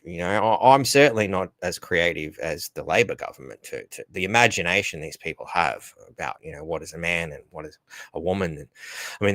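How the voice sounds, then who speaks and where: A man's voice: low-pitched, fairly bright tone, no echo. An Australian man hosting a casual solo podcast, rambling along, stammering over repeated words and chuckling at his own jokes. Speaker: podcast host.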